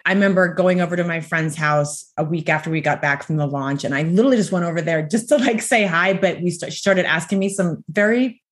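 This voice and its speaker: A woman in her thirties, co-hosting a podcast, telling personal stories in an animated way with frequent laughs. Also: fairly low pitch, a little fast, few pauses. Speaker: podcast co-host. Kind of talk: casual podcast chat.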